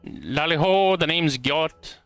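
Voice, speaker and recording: A man's voice: on the high side, slow pace, a bit bright, no echo, soft background music, pitched above the performer's own voice. A man voicing a brash, blunt dwarf hunter in a game, with a clumsy put-on accent. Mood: gruff.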